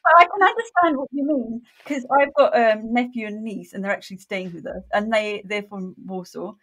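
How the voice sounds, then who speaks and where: A woman's voice: on the high side, normal speed, fairly bright tone. A woman co-hosting a casual podcast chat and sharing a family anecdote. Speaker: podcast co-host.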